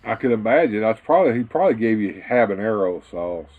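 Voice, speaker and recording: Man, lowish voice, casual live-stream chat, rambling, thin telephone-quality sound. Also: lively intonation, quick pace. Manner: rambling, with frequent restarts. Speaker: co-host of a toy live stream. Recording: tinny phone-like audio.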